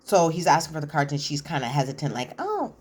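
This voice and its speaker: Husky, low-pitched and quick, a woman runs through a reality show recap full of opinions. She relays scenes in an animated way, with slang thrown in as asides.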